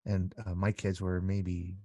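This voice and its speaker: Earnest deep-voiced middle-aged man. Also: completely flat delivery, a little slow, dark tone, no echo. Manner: earnest, rambling, with many restarts. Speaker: interview guest. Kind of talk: casual conversational interview.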